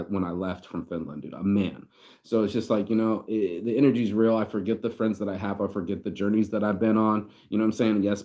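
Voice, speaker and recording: A man from the United States vlogs a casual, reflective monologue in a lowish, slightly mellow voice. Tearing up, he rambles, swears, and speaks from the heart, close to tears.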